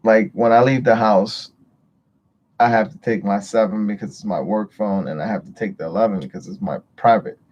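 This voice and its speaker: A man's voice: fairly low pitch, a little fast, darkish tone, highs cut off. A man chatting casually on a livestream, greeting viewers and rambling with frequent swearing. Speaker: livestream host.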